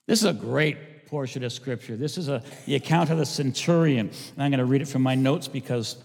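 A man, a pastor, preaching a sermon, swinging between loud emphasis and hushed asides. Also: medium pitch, a little fast, vocal fry. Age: older. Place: church sanctuary. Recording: church hall reverb.

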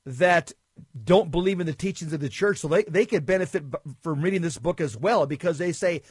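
A man with a high voice hosts an interview. He asks emphatic, leading questions and stresses his key words. The sound is dry and close. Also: fairly quick, a little mellow, slightly rough, no room sound. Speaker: interview host. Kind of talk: conversational interview.

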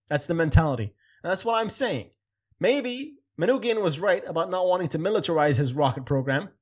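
Animated man riffing in casual commentary. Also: sits high. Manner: animated, jokey, loud when mimicking others. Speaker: host.

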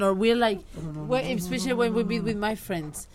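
Woman from Spain, podcast guest, frank, animated, crowd murmur behind. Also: mid-range voice, moderate pace. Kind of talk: casual conversation.

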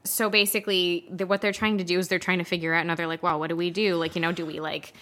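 Bright-voiced woman recapping a film, animated. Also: on the low side. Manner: animated, acts out characters in quick quotes, laughs often, swears casually. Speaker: podcast co-host. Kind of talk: casual chat recapping a film.

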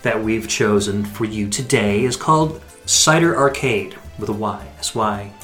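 A man's voice: fairly low pitch, measured pace, fairly bright tone. A man in his thirties co-hosting a casual chat about game music, upbeat and talking at length. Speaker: podcast co-host. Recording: roomy echo, faint music.

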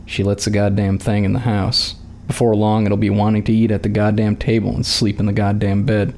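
A man's voice: fairly low pitch, flat delivery, a little fast, a little mellow, natural voice. A man reading aloud and voicing a blunt, plain-spoken farmer who welcomes guests with folksy talk. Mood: gruff.

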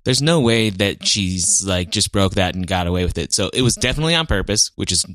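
Low, bright-voiced podcast co-host. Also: male voice, animated, brisk, no echo. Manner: easygoing, thinks aloud with fillers. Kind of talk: casual chat.

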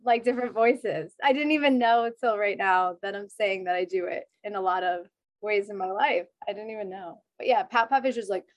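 A woman's voice: mid-range voice, brisk, no room sound. A woman in her thirties telling stories in casual chat as a podcast guest, laughing often. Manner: chatty storyteller, laughs often.

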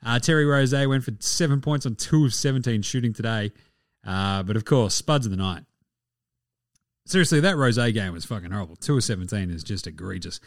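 A man's voice: on the low side, fairly quick, no echo, studio quality. A man with an Australian accent hosting a casual sports podcast, swearing and joking between sports scores. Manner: profane and jokey. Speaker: podcast host.

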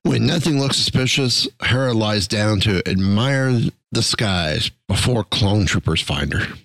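A man hosting a podcast, recapping an episode in a casual, halting way with many restarts. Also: on the low side, lively intonation, vocal fry, a bit bright, no echo. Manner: halting, restarts words, fillers.

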